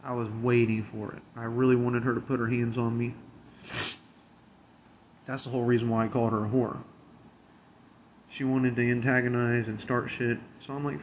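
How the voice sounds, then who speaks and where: A man's voice: medium pitch, fairly even intonation, normal speed, long pauses. A man with a mid-range voice tells a workplace story, blunt and full of swearing. He drawls along casually, with faint noise underneath. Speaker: convenience store worker.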